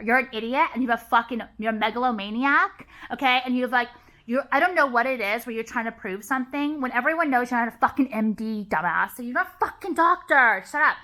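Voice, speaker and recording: A woman's voice: on the high side, pushed and bright. A young woman vlogger ranting to camera, heated and profane, hammering her points with emphatic repetition. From Los Angeles area. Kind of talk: casual rant to camera.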